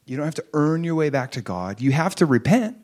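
A man preaching, telling a story and acting out the characters' words, swinging between hushed lines and raised, pleading ones. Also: a little high, sing-song, fairly quick. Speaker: pastor. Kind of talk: sermon storytelling.

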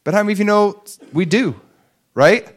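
A man preaching, telling a story and acting out the characters' words, swinging between hushed lines and raised, pleading ones. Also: high voice, expressive, normal speed. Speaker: pastor. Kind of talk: sermon storytelling.

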